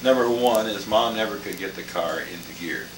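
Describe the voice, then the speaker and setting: A man's voice: lowish voice, moderate pace. An older man casually telling rambling family anecdotes, chuckling as he goes. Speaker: storyteller. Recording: echoey room, mic far off, clear background noise.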